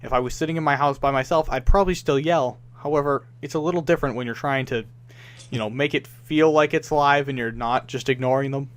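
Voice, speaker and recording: A man's voice: mid-range voice, fairly even intonation, a little fast. A young man co-hosting a casual gaming podcast, ranting in frustration, swearing often and mimicking other players. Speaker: podcast co-host.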